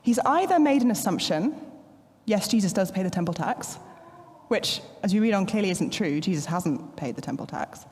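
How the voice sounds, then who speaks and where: A woman, preaching a sermon in a playful, animated storytelling manner. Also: medium pitch, moderate pace, big-room sound, a little hiss or hum. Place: church.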